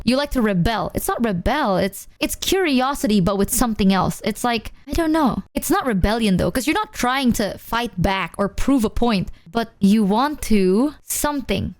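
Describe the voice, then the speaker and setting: A woman streaming, talking loosely and frankly to her chat in a fairly high voice. She rambles from thought to thought and swears without a second thought. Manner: candid, rambling, frequent swearing. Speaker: VTuber streamer. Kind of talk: casual chat to stream viewers.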